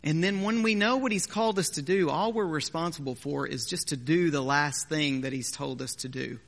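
Higher-voiced male preacher in a reverberant hall. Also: normal speed, vocal fry, fairly bright tone. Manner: conversational preaching with joking asides. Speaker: pastor. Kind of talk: sermon.

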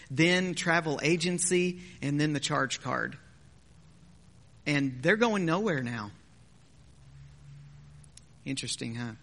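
Higher-voiced male preacher in a reverberant hall. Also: a bit bright. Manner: conversational preaching with joking asides. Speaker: pastor. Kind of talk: sermon.

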